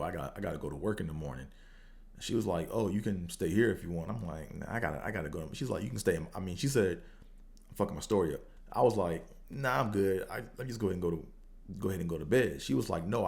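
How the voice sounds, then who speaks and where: Man, fairly low voice, casual storytelling, slangy and profane, acts out quotes. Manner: animated, acts out quotes with big pitch jumps. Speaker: podcast host.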